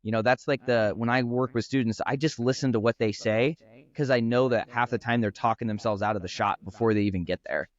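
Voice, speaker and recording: A man's voice: medium pitch, steady tone, highs cut off. A man who teaches golf, talking earnestly in a casual podcast chat, with lots of fillers. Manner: earnest, fast-flowing with frequent fillers. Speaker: golf instructor and brand founder.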